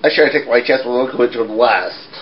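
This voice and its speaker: A man's voice: mid-range voice, quick pace, highs cut off, lightly acted. A man voicing a frightened young boy hero in a puppet show, calling out panicky warnings. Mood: fretful.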